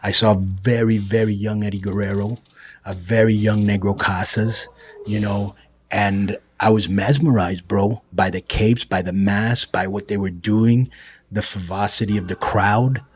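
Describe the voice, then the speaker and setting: A man's voice: fairly low pitch, steady tone, measured pace, slightly rough. A middle-aged man, a guest on a show, telling stories in a casual, profane way, often saying "bro" and "you know". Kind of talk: casual storytelling.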